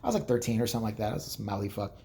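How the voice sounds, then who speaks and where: A man's voice: fairly low pitch, big pitch swings, racing, mellow. A man vlogging casually, telling rambling, profane, joking stories about his family. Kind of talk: casual storytelling.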